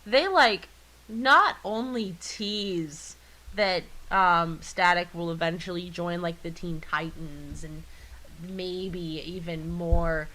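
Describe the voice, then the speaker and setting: A woman's voice: fairly low pitch, takes it slowly, sharp tone, low-quality recording. A woman co-hosting a casual podcast chat, blunt and swearing freely. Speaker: podcast co-host.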